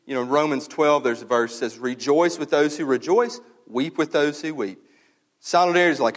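A man preaching a sermon in a relaxed, conversational way, with casual slang and lively emphasis. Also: on the high side, a little fast. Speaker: pastor. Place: church sanctuary. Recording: long reverb of a church hall.

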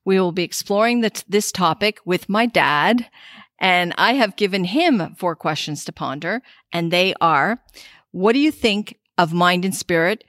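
A woman's voice: lowish voice, lively intonation, a little slow, a bit bright, dry recording, studio quality. A woman hosting a spiritual podcast, reflective and heartfelt. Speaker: podcast host. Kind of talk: casual podcast talk.

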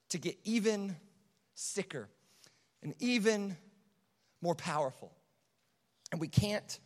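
A man preaching a sermon to a youth group, telling vivid stories, acting out quotes and repeating phrases for emphasis. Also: high-pitched. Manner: animated storytelling, acts out quotes, repeats phrases. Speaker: youth pastor. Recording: long hall reverb.

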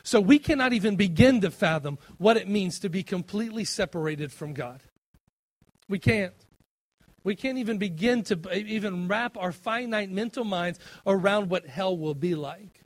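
A man's voice: sits high, lively intonation, normal speed, dry recording. A middle-aged man preaching a sermon as a pastor, impassioned, rising on scripture quotes, with fillers and restarts.

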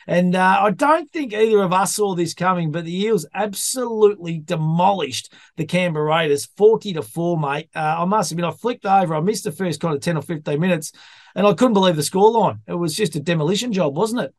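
A man's voice: sits high, fairly quick, no echo. An Australian man hosting a casual sports podcast, chatty and fond of telling yarns. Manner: chatty, storytelling, calls people mate. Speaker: podcast host.

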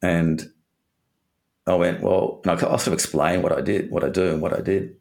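Gravelly deep-voiced Australian-born man. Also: fairly even intonation, normal speed, a little mellow. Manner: candid, rambling, swears casually. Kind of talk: casual personal storytelling.

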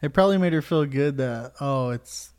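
A man's voice: mid-range voice, normal speed, a little mellow, clean tone. Laid-back man, casual podcast chat. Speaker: podcast co-host.

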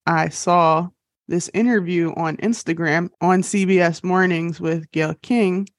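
A woman's voice: on the low side, steady tone, measured pace, dry recording, clean studio sound. A young woman hosting a podcast in casual chat, bubbly and laughing at her own jokes. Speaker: podcast host.

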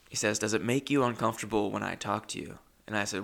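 A man's voice: lowish voice, fairly even intonation, very fast, gravelly, hardly any pauses. A young man hosting a podcast, telling a rambling, self-deprecating story in a casual monologue. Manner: rambling, self-deprecating, jumps between loud and muttered asides. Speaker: podcast host.

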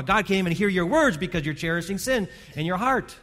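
A man's voice: high-pitched, quick pace, few pauses, fairly bright tone. Earnest man preaching in a reverberant hall. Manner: earnest, conversational preaching with frequent restarts. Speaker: pastor. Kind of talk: sermon. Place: church stage.

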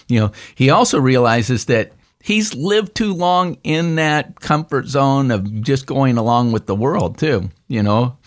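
A man, a pastor, talking through a psalm in a casual discussion, with many restarts and fillers that lift into animated quotes. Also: mid-range voice, unhurried, few pauses.

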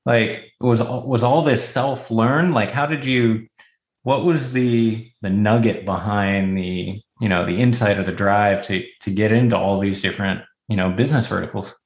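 Male podcast host, lower voice, halting filler-heavy questions, echoey room. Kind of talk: casual interview questions.

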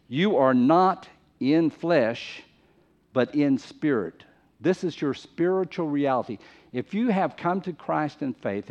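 A man's voice: fairly high pitch, a little mellow. A man preaching a sermon in an emphatic, conversational way, often repeating phrases for stress. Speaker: pastor. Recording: muffled lo-fi recording.

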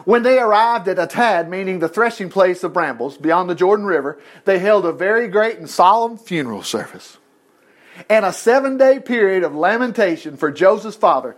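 Animated folksy preacher, high lively voice. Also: male voice, moderate pace. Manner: folksy, animated, laughing asides, acts out characters' voices. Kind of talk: sermon, reading and commenting on scripture.

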